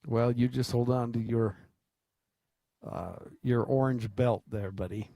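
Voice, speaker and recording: An American man trades teasing jokes as a sports radio co-host. His voice has a middle pitch, and it is recorded close and dry in a studio. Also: steady tone, unhurried, mellow, no echo. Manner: wisecracking, teasing. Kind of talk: casual sports talk.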